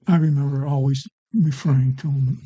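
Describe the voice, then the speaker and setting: A man's voice: medium pitch, steady tone, moderate pace, warm tone. A man on a casual podcast recalling his school years, stopping and repeating words as he remembers. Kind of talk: casual reminiscing chat.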